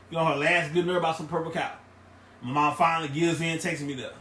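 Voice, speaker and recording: A man's voice: on the high side, steady tone, fast, a bit bright, far from the mic. A man, co-hosting a casual podcast, rambling through stories and repeating his phrases. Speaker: podcast co-host. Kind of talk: casual chat. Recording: echoey room with faint noise.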